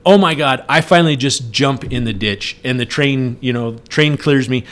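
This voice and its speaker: A middle-aged man telling a story in a casual chat, animated and acting out the shouted lines. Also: medium pitch, moderate pace. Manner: animated, acts out yelled quotes.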